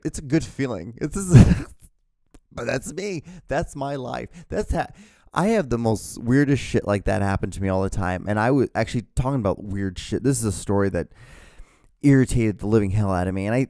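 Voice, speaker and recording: A man's voice: mid-range voice, warm tone, no echo, studio quality. A young man hosting his own show, ranting in a rambling, profane, exasperated way. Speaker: podcast host. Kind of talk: casual rant.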